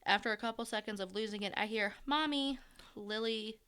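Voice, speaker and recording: A woman's voice: mid-range voice, level tone, fast, bright, forceful tone, clean tone. A woman, co-hosting a casual podcast and reading a listener's story aloud with blunt, profane jokes. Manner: bantering, profane, dry jokes. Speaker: podcast co-host.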